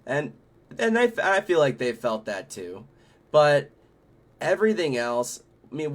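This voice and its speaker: A man hosting a casual chat about a festival he organized, talking in a loose, profane, laid-back way. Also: medium pitch. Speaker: festival organizer and show host.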